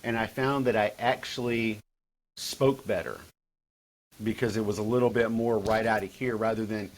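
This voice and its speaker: A man's voice: lowish voice, fairly even intonation, normal speed, a little hiss or hum. A man, a guest author chatting casually on a podcast, rambling with many restarts and repeats.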